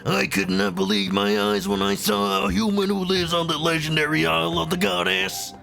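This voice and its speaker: A man's voice: sits high, expressive, normal speed, pushed and bright, voice pushed up, exaggerated voice. A man voicing a boisterous male rock-creature explorer with a growling macho wrestler drawl, reading game dialogue on a live stream. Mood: gruff, boisterous. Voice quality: gravelly. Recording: game music underneath.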